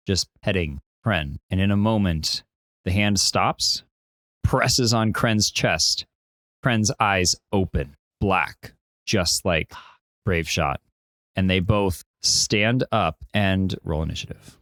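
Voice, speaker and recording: A man narrating a tabletop game as game master on a podcast, telling the scene in a descriptive, animated way. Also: sits low, takes it slowly, dry recording, clean studio sound.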